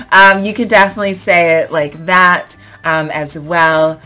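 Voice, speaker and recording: A woman's voice: on the low side, a little slow, pushed and bright, faint music behind. A young woman teaching English vocabulary in a casual, chatty way, acting out example sentences with plenty of "um"s. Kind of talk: casual explanatory vocabulary lesson.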